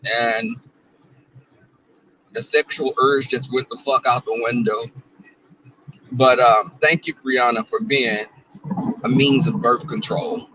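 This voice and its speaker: This live-streaming vlogger, a man in his twenties with a Southern US accent, casually jokes with viewers in a sassy way from behind the wheel. He talks slowly in a steady, medium-pitched voice that's pushed and bright, pausing often, over poor audio with slight background noise.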